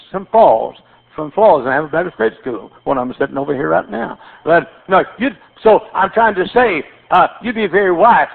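Older male pastor, folksy sermon storyteller, high voice on a thin lo-fi recording. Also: creaky, slightly rough. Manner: folksy storytelling with repetitions and stammered restarts. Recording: tinny phone-like sermon recording.

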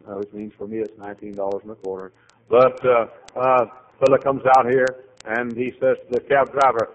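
A man preaching a sermon, rambling through anecdotes and building to loud exhortation. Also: mid-range voice, fairly even intonation, a little fast, low-quality recording. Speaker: pastor.

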